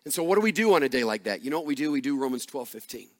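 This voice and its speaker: A man's voice: medium pitch, big pitch swings, rapid-fire, in a large hall. A man preaching a sermon as pastor, earnest and repeating phrases for emphasis.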